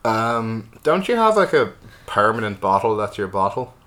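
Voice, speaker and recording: A man's voice: on the low side, big pitch swings, normal speed, a bit bright. A man hosting a casual comedy podcast from a table in a friend's home, playful and giggly. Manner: playful, giggly, self-mocking. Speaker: podcast host.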